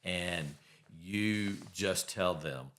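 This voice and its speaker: A man's voice: low-pitched, very slow, a bit bright. A middle-aged man hosting a faith-based advice podcast, speaking bluntly and emphatically and repeating his key phrases. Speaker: podcast host.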